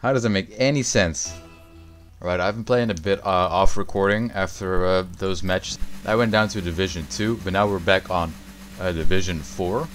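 A young man commentating his own gameplay, excitable and foul-mouthed, shouting at big plays and griping about teammates. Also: low-pitched, moderate pace, faint music behind. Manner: excitable, swears often, yells at big plays. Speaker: gaming YouTuber.

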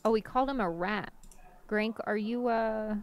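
A woman's voice: a little high, smooth. Young woman close to the mic, hesitant. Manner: relaxed, hesitant, many pauses. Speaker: friend on voice chat. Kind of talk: casual chat while gaming. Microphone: very close to the microphone.

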